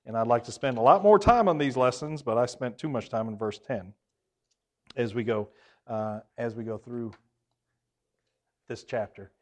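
A man teaches a Bible class in a conversational way, questioning the group, hesitating with fillers, correcting himself, and rising emphatically on key points. His voice is mid-range at a moderate pace, with long pauses.

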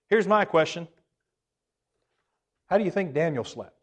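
A man with a fairly high voice teaches a Bible class in a loose, conversational way. He pauses often on hesitant fillers, corrects himself, and keeps turning questions back to the group. His voice lifts with emphasis on the points he wants to land. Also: expressive.

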